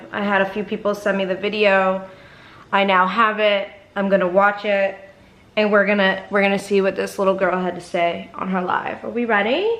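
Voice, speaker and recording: A woman's voice: mid-range voice, a bit bright, a little hiss or hum. Sarcastic woman vlogging in an echoey room. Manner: blunt, sarcastic asides. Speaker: YouTube reaction host. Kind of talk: casual reaction vlog.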